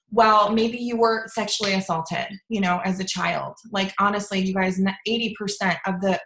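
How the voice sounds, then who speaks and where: A woman's voice: medium pitch, fairly bright tone, reverberant, low-quality recording. A young woman leading a sales team, giving an emphatic motivational talk on a video call and often asking "okay?" and saying "you guys". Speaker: team leader of a sales business.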